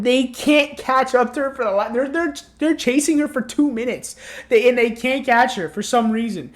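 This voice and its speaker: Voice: medium pitch, very animated, moderate pace. A tired, yawning reviewer talking through a casual spoken review in a rambling, exasperated way, with many restarts. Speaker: show reviewer.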